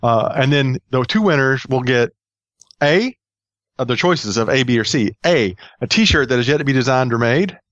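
A man's voice: mid-range voice, lively intonation, moderate pace, a bit bright, no room sound, dull audio. A man hosting a casual podcast, rambling and joking with many fillers. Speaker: podcast host.

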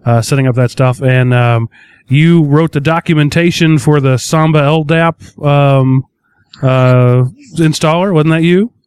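A man from Texas hosts a laid-back podcast, his voice pitched a touch high and notably smooth. He rambles good-naturedly with plenty of fillers and pokes fun at himself. The sound is dry and close, with no room around it. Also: steady tone, a little slow, a little mellow, dry recording. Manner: rambling, self-deprecating, lots of fillers. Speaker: podcast host. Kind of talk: casual podcast chat. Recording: dry close mic in a small insulated booth.

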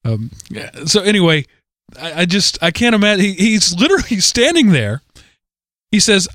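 A man co-hosting a podcast, casually retelling odd news stories in an animated way, often correcting himself mid-sentence. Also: high voice, moderate pace, dry recording, clean studio sound. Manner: animated, self-correcting storyteller. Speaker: podcast co-host.

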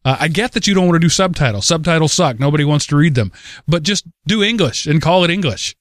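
A man's voice: on the high side, animated, fast talker, a bit bright, no room sound, clean studio sound. A man co-hosting a podcast in casual chat, rambling and restarting his sentences often. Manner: rambling, with many restarts and stammered repeats. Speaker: podcast co-host.

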